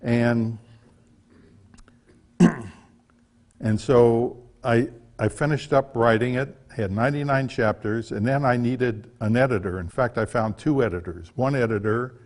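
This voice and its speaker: An older man, speaking in a mid-range, slightly mellow voice, tells a chatty, folksy story about being an author. It's a casual talk, and he restarts small bits as he goes.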